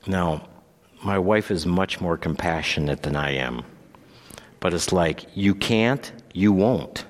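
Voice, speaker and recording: A pastor preaching a sermon, moving between calm storytelling and raised, emphatic points. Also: male voice, sits low, takes it slowly. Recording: long hall reverb.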